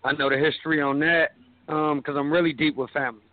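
A man in his forties from Cleveland, Ohio, introducing himself as a caller in a casual, steady way. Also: a little high, quick pace, no echo. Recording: tinny phone-line audio.

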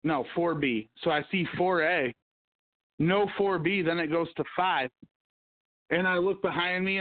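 A man hosting a casual podcast, rambling and swearing constantly as he tells stories. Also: fairly high pitch. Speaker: podcast host. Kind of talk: casual profane chat. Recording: tinny phone-like audio.

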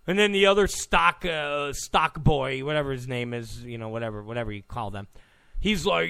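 A man's voice: mid-range voice, normal speed, creaky, bright, forceful tone, clear, resonant tone, dry recording. A man hosting a talk show, delivering a rambling, blunt political monologue full of repeats and restarts. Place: Los Angeles studio.

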